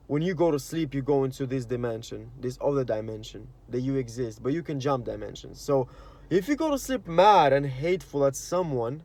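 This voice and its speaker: With a mid-range, darkish voice, a man delivers an earnest, rambling spiritual monologue as a vlogger. He leans on slang, peppers his talk with "like" and "you know," and performs the inner voices he quotes.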